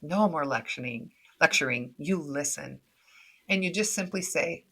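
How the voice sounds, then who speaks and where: A woman's voice: fairly low pitch, big pitch swings, moderate pace, pushed and bright, husky. A middle-aged woman speaking as a podcast guest in casual conversation, laughing often and acting out quoted voices.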